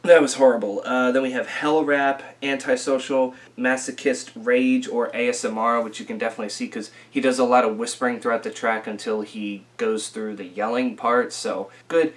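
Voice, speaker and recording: A man's voice: medium pitch, little pitch movement, normal speed, few pauses. Casual young man rambling album review. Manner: rambling, filler-heavy, self-correcting. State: recovering from illness, occasional coughing.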